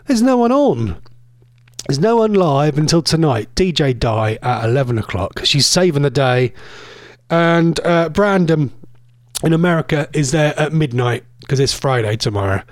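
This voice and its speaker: A man's voice: on the high side, animated, moderate pace, dry recording, studio quality. A man hosting an online radio show from a cold home conservatory, chatting in a rambling way and correcting himself as he goes. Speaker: internet radio host. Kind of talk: casual radio chat.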